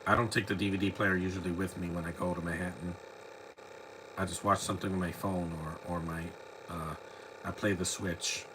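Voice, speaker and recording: A man's voice: low-pitched, flat delivery, fairly quick, background noise. A man from the United States, hosting a casual live movie commentary, rambling and opinionated with many restarts.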